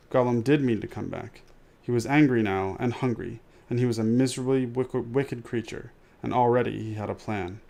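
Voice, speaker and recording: A man reading a storybook aloud as a storyteller, steady and measured, with offhand asides. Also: medium pitch, vocal fry.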